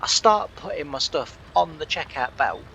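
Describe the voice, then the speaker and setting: A man's voice: a little high, lively intonation, moderate pace, vocal fry, sharp tone, slight background noise, rough recording. A tired man telling a rambling, exasperated story in a casual way. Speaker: gaming channel host.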